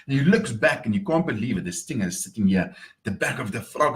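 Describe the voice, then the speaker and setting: A man's voice: medium pitch, lively intonation, brisk, creaky, a bit bright. A man talking casually in an upbeat morning vlog, repeating words as he goes. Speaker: marketing vlogger.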